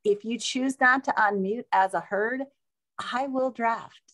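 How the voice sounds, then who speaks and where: A woman's voice: fairly high pitch, fairly bright tone. Upbeat woman moderating a video call. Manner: upbeat, chatty, quick asides. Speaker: meeting host and moderator.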